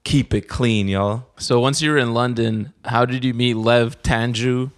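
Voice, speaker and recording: A man's voice: medium pitch, steady tone, measured pace. A man co-hosting a podcast, joking in slangy casual talk and reading an ad. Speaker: podcast co-host. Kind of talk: casual chat and ad read.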